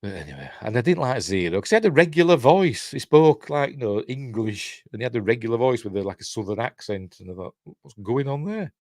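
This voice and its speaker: A man's voice: medium pitch, expressive, fast, few pauses, a little mellow, no room sound, clean studio sound. A middle-aged man with a Yorkshire accent, hosting a live news stream in rambling, self-correcting casual commentary. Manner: rambling, self-correcting, chuckles at his own jokes.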